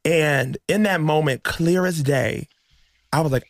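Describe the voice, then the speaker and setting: Creaky-voiced man hosting a faith podcast. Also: fairly high pitch, measured pace, no echo, clean studio sound. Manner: emotional, animated storyteller who acts out dialogue. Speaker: podcast host. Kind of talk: casual faith podcast storytelling.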